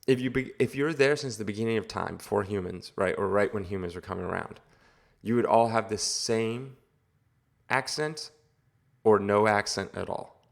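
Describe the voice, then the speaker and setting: A man with a fairly low, gravelly voice rants through a casual movie review. He rambles and leans on filler words, with an exasperated, offhand tone throughout. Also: normal speed. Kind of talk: casual video review rant.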